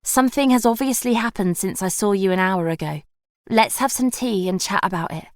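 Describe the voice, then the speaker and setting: A woman voicing a caring young woman who gently insists her friend stay and talk. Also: mid-range voice, brisk, dry recording, clean studio sound, close to an everyday voice. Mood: coaxing. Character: warm, persistent young woman comforting a friend.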